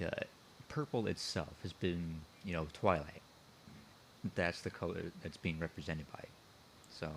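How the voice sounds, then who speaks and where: A man's voice: low voice, a little hiss or hum, rough recording. A man speaking on an online voice call, explaining his own story in casual chat and thinking aloud as he circles back to his points.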